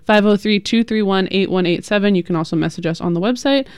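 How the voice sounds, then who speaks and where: A woman's voice: medium pitch, fast talker, darkish tone, clear, resonant tone, no echo. A woman co-hosting a radio show, chatting casually with lots of giggles and filler words, and reading out the station's call-in number. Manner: chatty, giggly, reads out phone number and donation link. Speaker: radio co-host. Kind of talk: casual on-air chat. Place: radio studio.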